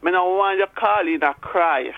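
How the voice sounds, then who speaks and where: Hoarse Jamaican woman on the phone. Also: on the low side, normal speed, no echo. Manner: earnest, pleading encouragement. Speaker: caller. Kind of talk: radio call-in. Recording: tinny phone line, dry.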